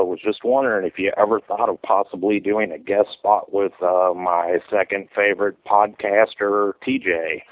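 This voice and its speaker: Texan male caller, low-ish, polite and halting, dry tinny phone line. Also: no room sound. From Texas. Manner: polite, hesitant. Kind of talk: voicemail to a podcast.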